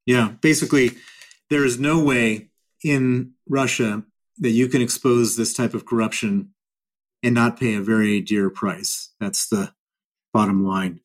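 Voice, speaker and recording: Emphatic male guest, mid-pitched voice. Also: steady tone, measured pace. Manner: emphatic and repetitive. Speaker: interview guest. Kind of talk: explanatory interview answers.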